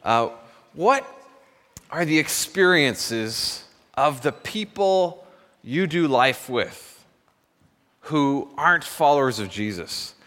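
Preaching at a church service in a large hall, a man with a slightly high, sharp-toned voice tells stories like he's talking with friends, revising his words as he goes. His delivery is expressive and slow, with long pauses.

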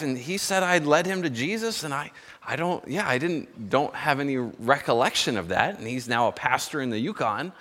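A man's voice: a little high, sharp tone, long reverb tail. A man preaching a sermon as pastor, telling stories in a conversational way at a church service. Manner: storytelling, conversational with self-corrections.

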